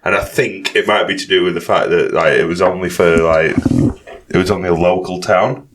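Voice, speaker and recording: A man with a fairly low voice, chatting casually as a podcast co-host. He swears freely and laughs his way through drinking stories. The recording carries a clear hiss of background noise. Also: steady tone, brisk. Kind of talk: casual chat.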